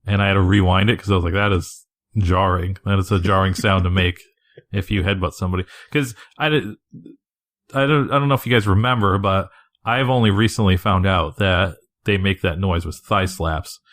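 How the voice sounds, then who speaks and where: A man's voice: lowish voice, vocal fry, a bit bright. Casual, swearing man on a podcast. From Northeast US. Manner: rambling, swears casually, laughs often. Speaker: podcast co-host.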